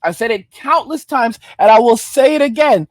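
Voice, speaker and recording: A man's voice: very high-pitched, animated, normal speed, dry recording, studio quality. Blunt, emphatic male commentator. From Arizona. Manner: emphatic and blunt, keeps tagging "all right?". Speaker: online commentator. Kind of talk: reaction commentary.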